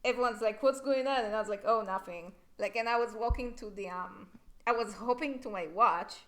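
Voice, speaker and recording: Young woman stream host, mid-pitched, chatty and rambling, peppers everything with "like", swears casually. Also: fairly even intonation, fairly quick, a bit bright. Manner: rambling, heavy use of "like", swears freely. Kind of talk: casual storytelling chat.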